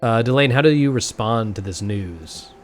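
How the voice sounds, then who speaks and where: A man's voice: mid-range voice, lively intonation, moderate pace, soft background music. A man running a tabletop game as game master, narrating and laughing often.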